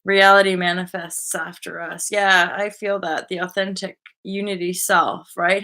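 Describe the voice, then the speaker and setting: A young woman hosting a live stream and chatting casually to her viewers in a spiritual, rambling way, full of fillers and quick asides. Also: fairly low pitch, flat delivery, bright, forceful tone.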